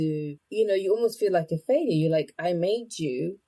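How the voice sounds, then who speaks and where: A woman's voice: on the low side, lively intonation, moderate pace, warm tone, husky, low-quality recording. A woman from Zimbabwe speaking as a podcast guest, reflective and searching for words as she talks. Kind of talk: personal interview talk.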